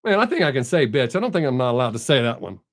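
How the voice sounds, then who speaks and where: A man's voice: mid-range voice, very animated, very fast. A man chatting casually on a live stream, answering viewers bluntly and without a filter. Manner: blunt, unfiltered, reads out viewer names.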